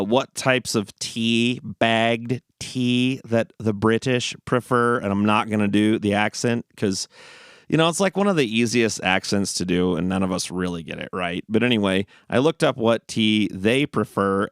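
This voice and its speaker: A man's voice: mid-range voice, smooth, dry recording, clean studio sound. A man hosting a casual, rambling monologue, often repeating and restarting phrases. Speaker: host. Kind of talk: casual stream-of-consciousness monologue.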